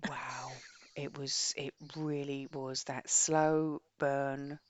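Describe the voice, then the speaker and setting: A woman's voice: rumbling low, very slow, dry recording. A British woman co-hosting a podcast, chatting bluntly and expressively about a book she read. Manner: chatty, blunt and expressive, reads a synopsis aloud. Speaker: podcast co-host. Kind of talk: casual chat about books.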